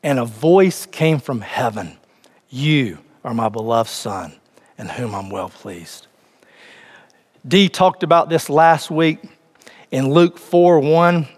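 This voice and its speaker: A man's voice: mid-range voice, expressive, takes it slowly. A man preaching a sermon, reading scripture and speaking directly to the congregation with rising emphasis. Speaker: pastor. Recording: long hall reverb.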